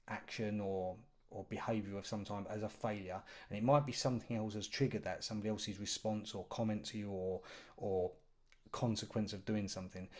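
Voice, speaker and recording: A man's voice: on the low side, darkish tone. A man co-hosting a podcast in casual conversation, talking at length with lots of "you know" fillers. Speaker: podcast co-host.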